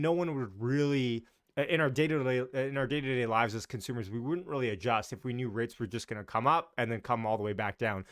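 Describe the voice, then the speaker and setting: A man's voice: medium pitch, a bit bright, no echo, studio quality. A man hosting a casual live stream about the market, chatty and loose, greeting viewers as he talks. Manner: talks in loose, restarting sentences.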